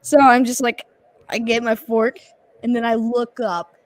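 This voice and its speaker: A woman's voice: fairly high pitch, level tone, unhurried. A young woman co-hosting a podcast, casually telling a long personal story and acting out the quotes with lots of expression. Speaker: podcast co-host.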